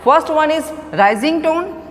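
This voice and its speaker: A woman giving an online phonetics lecture, slow and repetitive, stressing key words. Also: high voice, lively intonation. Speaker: teacher. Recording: long echo, faint background noise.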